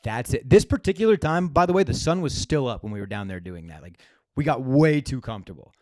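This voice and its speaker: A young man co-hosting a comedy podcast, telling an animated, profane story in casual chat. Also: medium pitch, fast talker, no room sound, studio quality.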